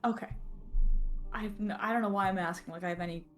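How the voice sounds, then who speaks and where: A woman's voice: mid-range voice, fairly even intonation, quick pace, over music. A woman player in a tabletop game, asking curious questions in a giggly, chatty way. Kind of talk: casual tabletop play.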